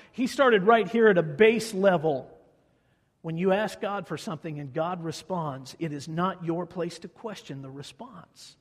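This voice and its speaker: Emphatic preacher man in an echoey hall. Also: husky. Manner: emphatic, swings from loud declaiming to low quiet asides. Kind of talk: sermon. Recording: echoey hall with long reverb.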